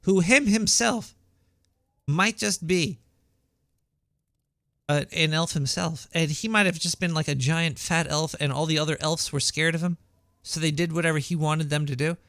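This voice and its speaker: A man voicing a paranoid cartoon rat host with a shrill voice and a Brooklyn accent, rambling conspiratorially with many stumbling restarts. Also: normal speed, bright, forceful tone, no room sound, clean studio sound. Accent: Brooklyn New York. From Brooklyn, New York. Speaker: podcast host. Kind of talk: rambling comedic monologue. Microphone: home setup.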